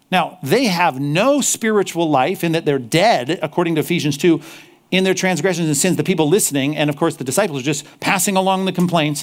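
A male pastor preaching a sermon, animated, slipping into mocking apologetic asides. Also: fairly high pitch.

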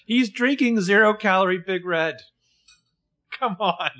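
A high-pitched man speaks at a measured pace while co-hosting a podcast. He recaps a TV episode in casual chat, animated and laughing often as he acts out the characters' lines.

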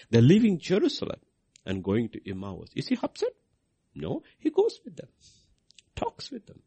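A man's voice: high voice, gravelly, darkish tone, husky. A man preaching a sermon, asking his listeners questions and answering them himself.

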